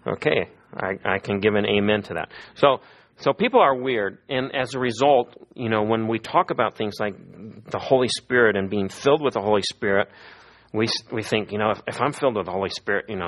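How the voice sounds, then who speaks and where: Telling stories from the pulpit, this middle-aged male pastor brings his quoted characters to life by performing their voices. His voice is lowish and his pace brisk.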